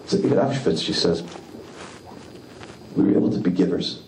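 Rabbi guy giving a sermon, mellow voice, gets all fired up, echoey room, mic kinda far. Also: lively intonation, normal speed, a little hiss or hum. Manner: impassioned, rising pitch for emphasis. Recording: echoey room, mic at a distance, faint background.

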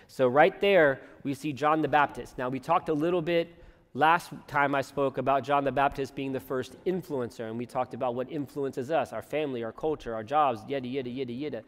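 Male pastor, relaxed conversational sermon with humor, church hall reverb. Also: mid-range voice. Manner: conversational preaching with joking asides. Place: church sanctuary.

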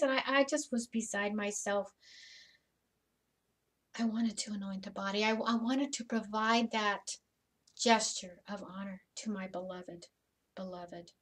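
A woman in a church service playing a joyful, grieving disciple who has just seen her risen teacher, telling it in first person with stammering repeats and soft whispers. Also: fairly high pitch, close to an everyday voice. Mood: wondering. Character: Mary Magdalene, woman disciple, joyful witness. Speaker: dramatic monologue in a church service. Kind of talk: first-person sermon monologue. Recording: voice from some distance off the mic.

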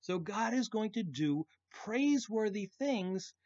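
A man's voice: high-pitched, animated, a little slow, a little mellow, highs cut off. A male pastor giving a short devotional sermon and repeating key phrases for emphasis.

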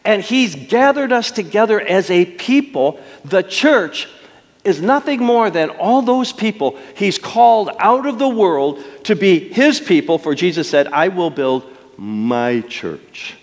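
A middle-aged man preaching a sermon as pastor, telling stories with dramatic pauses and emphatic swells. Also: high-pitched, sing-song. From Detroit. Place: church sanctuary. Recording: long church hall reverb.

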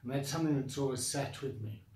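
A man's voice: medium pitch, quick pace, darkish tone, reverberant, distant mic, a little hiss or hum. Blunt, frustrated South African man. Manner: frustrated, blunt, repetitive venting with sighs. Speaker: founder of a coaching academy. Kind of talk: direct-to-camera rant.

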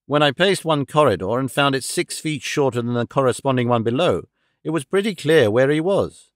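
A man voicing a calm, clever detective with an amused, theatrical manner, in an audiobook reading. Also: medium pitch, a little fast, dry recording, clean studio sound, natural voice.

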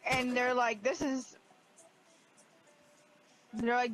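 A woman's voice: fairly high pitch, measured pace, fairly bright tone, rough recording. A woman co-hosting a let's play, chatting in a rambling way full of "like". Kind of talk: casual gaming banter.

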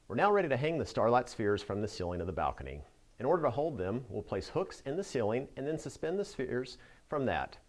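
Guy doing a christmas lights how-to voiceover, talks fast, upbeat teacher vibe. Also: medium pitch. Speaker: Christmas lighting expert answering viewer questions. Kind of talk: scripted how-to narration.

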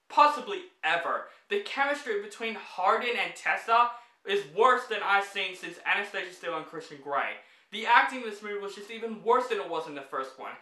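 Exasperated high-voiced movie-reviewer man. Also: sharp tone, echoey room. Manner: exasperated, blunt, swears freely.

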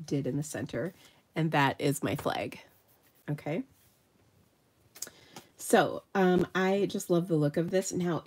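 With a low-pitched, slightly mellow, slightly rough voice that has a nasal edge, a middle-aged woman runs a live card-making tutorial. She stays chatty and self-deprecating, thinking aloud as she crafts.

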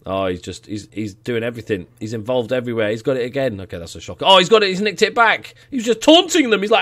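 A man casually commentating his football management game, getting excited, cheering goals and swearing now and then. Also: medium pitch, quick pace, few pauses. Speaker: let's play gamer.

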